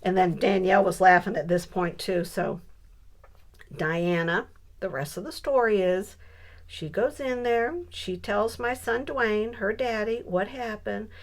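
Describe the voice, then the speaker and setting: A woman in her sixties telling a funny family story in a casual, animated way while she works on a scrapbook page. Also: mid-range voice, unhurried. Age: 60s. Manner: animated storyteller who builds to punchlines. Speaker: scrapbooking crafter.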